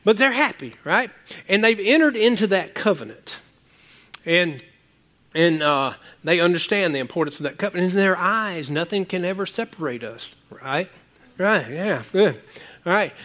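A high-voiced male pastor delivers a lively sermon. He teases his listeners in a casual way and climbs to excited, emphatic peaks. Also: unhurried, pauses often. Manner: casual and joking with the congregation.

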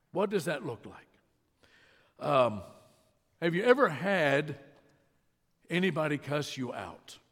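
Man, pastor, sermon, storytelling, fairly high voice, long hall reverb. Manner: storytelling, conversational with pauses. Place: church sanctuary.

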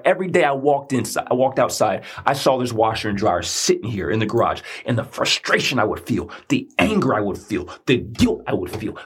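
Male podcast host, husky, earnest sermon-like delivery. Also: mid-range voice. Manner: earnest, preacherly, repeats phrases for emphasis. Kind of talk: personal storytelling monologue.

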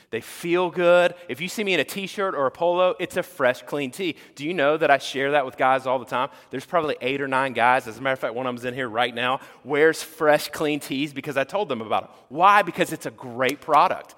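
A male pastor giving a sermon in a lively, conversational preaching style that acts out quotes. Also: mid-range voice, fairly quick, few pauses, big-room sound.

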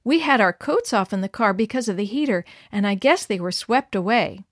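A woman reading aloud, voicing a steady, capable mother who gives urgent orders. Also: medium pitch, a little fast, no echo, studio quality, natural voice. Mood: relieved.

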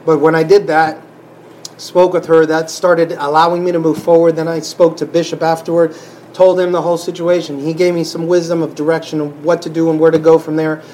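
A man sharing a personal faith testimony in an emotional, halting way, often restarting his sentences and sighing. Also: on the high side, flat delivery, darkish tone, slight background noise, low-quality recording. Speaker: church member sharing testimony.

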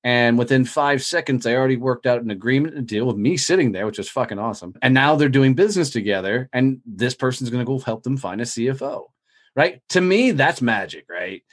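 A man telling stories as a podcast guest in a casual, profane, energetic way, acting out other people's lines as he talks. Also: mid-range voice, a little fast. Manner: profane, energetic, animated storytelling with quoted dialogue. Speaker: podcast guest, business owner. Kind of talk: casual interview storytelling.

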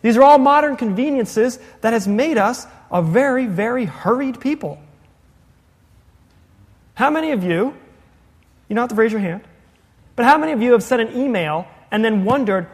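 A man's voice: very high-pitched, animated, husky. A man preaching a sermon to a congregation, chatty, with rhetorical questions and joking asides. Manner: conversational, asks the congregation questions, quick jokey asides. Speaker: pastor. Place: church sanctuary. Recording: long hall reverb.

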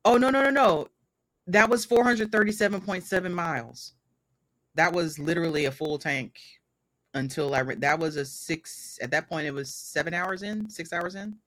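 A man's voice: on the high side, normal speed, a bit bright, dry recording. A man in his thirties from Mississippi, a guest telling stories in casual conversation and laughing often.

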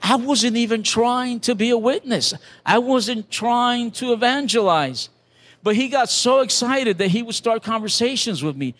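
A man's voice: very high-pitched, animated, moderate pace, a bit bright. An older man, a pastor, preaching a sermon as a conversational testimony, with restarts and acted-out quotes.

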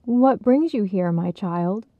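A woman reading a story gives a kindly, impish old man sage a gentle, patient voice, heard over a tinny phone-like sound. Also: mid-range voice, expressive, slow pace, no room sound.

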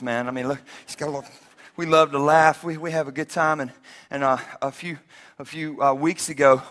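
A male preacher in his forties with a high, bright and ringing voice. He tells stories with big swings from shouted lines to hushed asides and keeps joking with the congregation in a loose, conversational way. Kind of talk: sermon with personal stories.

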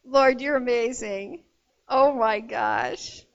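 A woman's voice: on the high side, slow, muffled recording. A woman preaching a sermon, emphatic and emotional, calling out to her congregation. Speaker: pastor.

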